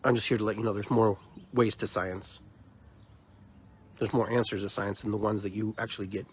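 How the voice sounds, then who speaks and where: A man's voice: on the low side, flat delivery, fairly quick, husky. A man hosting a podcast, delivering an emphatic, opinionated monologue and often repeating words as he builds his point. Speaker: podcast host.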